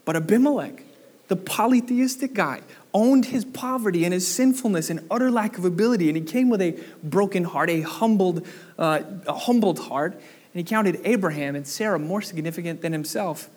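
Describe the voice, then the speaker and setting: Animated male pastor preaching a sermon. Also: sits high, moderate pace. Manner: animated, asks the congregation questions.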